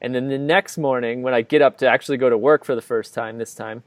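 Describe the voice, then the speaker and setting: A man's voice: medium pitch, fairly even intonation, fast talker, dry recording. A man co-hosting a podcast, telling a long personal story in casual chat, rambling and packing his talk with "like". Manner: rambling, filler-heavy, full of "like". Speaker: podcast co-host. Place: living abroad in Ireland, recording indoors.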